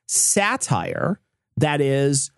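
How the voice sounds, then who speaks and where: Lively giggly male podcast co-host. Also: on the high side, extremely slow, dry recording, clean studio sound. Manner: chatty, giggly, rambling restarts. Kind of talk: casual comedic chat.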